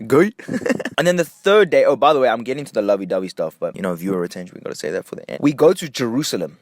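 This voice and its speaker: Animated young man telling a story. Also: mid-range voice, fast talker, dry recording. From Nigeria. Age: young adult. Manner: animated, jumps between hushed asides and excited bursts. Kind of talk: casual story time vlog.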